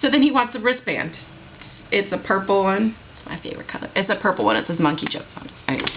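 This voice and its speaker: A woman recounts a story from her job in a lively storytime vlog, sounding exasperated as she goes. Her voice sits at a middle pitch. The recording is dull and lo-fi. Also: fast talker, noisy background. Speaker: vlogger telling a work story.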